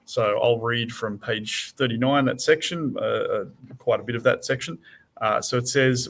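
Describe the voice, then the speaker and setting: A man co-hosting a casual book discussion, reading long passages aloud and explaining them in a measured way. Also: mid-range voice, vocal fry, fairly bright tone. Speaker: co-host.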